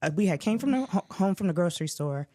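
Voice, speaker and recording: A woman in her forties talks openly on a podcast and tells a personal story with feeling. Her voice sits low, and the sound is dry and close. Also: expressive, quick pace, mellow, no room sound. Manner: candid, emotional storytelling with many fillers. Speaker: podcast co-host. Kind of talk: casual chat.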